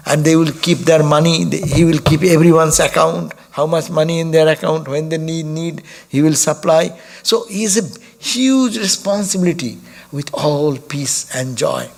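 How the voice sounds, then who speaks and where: A man giving a sermon as a monk, speaking haltingly, with soft laughs while he tells stories. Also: fairly high pitch, gravelly. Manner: halting, repeats and restarts words while explaining.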